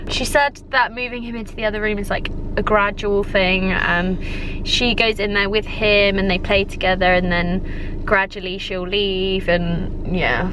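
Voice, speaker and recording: A young woman, a mother, chatting candidly and emotionally to camera in a casual family vlog, breaking into sudden high exclamations. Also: fairly bright tone. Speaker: family vlogger.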